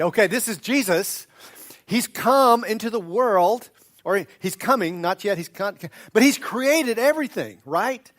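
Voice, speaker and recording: A man's voice: high-pitched, fairly bright tone. A man pastor preaching a sermon in a church, conversational, stretching out key words and restarting sentences. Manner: conversational, drawn-out emphatic words, frequent restarts. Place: church sanctuary.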